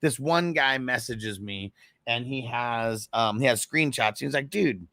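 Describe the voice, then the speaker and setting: A man's voice: mid-range voice, measured pace, bright, forceful tone, no room sound, clean studio sound. A man hosting a fantasy football show, telling a story in a casual, profane, rambling way. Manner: profane, rambling, with frequent laughs.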